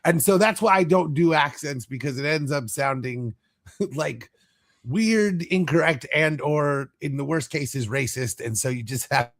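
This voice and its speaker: A man's voice: a little high, a little slow, fairly bright tone. An American man hosting a sports podcast, talking bluntly and swearing through a casual rant. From United States. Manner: blunt, profane rants. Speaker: podcast host.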